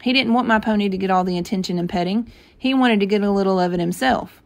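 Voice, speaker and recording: Woman reading a story out loud, gentle storytelling, mid pitch. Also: fast. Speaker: reader. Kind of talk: reading a novel aloud.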